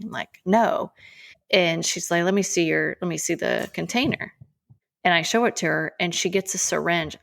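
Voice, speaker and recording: Gravelly low-voiced woman telling a story. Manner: emphatic, animated retelling. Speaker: podcast co-host. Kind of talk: personal storytelling on a podcast.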